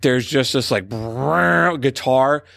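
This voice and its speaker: A man's voice: mid-range voice, slow pace, creaky, a bit bright, no echo. Man, earnest music fan in casual talk, close dry mic. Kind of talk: casual chat.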